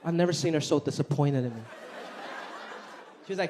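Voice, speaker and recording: A man in his thirties performing a stand-up comedy set on a theater stage, animated and acting out family members in exaggerated voices. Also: fairly high pitch, quick pace, pauses often. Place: large theater stage with live audience. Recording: live show with loud audience noise.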